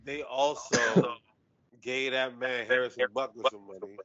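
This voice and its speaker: A man co-hosting a casual sports podcast, loud and animated, full of slang and quick laughs. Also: medium pitch, muffled recording. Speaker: podcast co-host.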